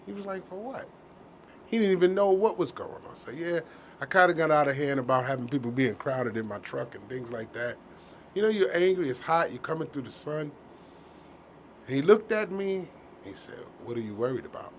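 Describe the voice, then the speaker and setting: A man's voice: fairly high pitch, lively intonation, fairly quick, a little hiss or hum. A middle-aged man hosting a heartfelt casual conversation, earnest and sentimental, often restarting his sentences.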